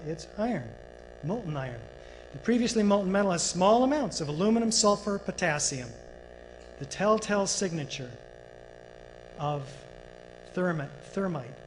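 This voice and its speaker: A man's voice: sits high, a little hiss or hum, rough recording. A man presenting technical evidence in a documentary lecture, earnest and explanatory, with occasional fillers and rhetorical questions.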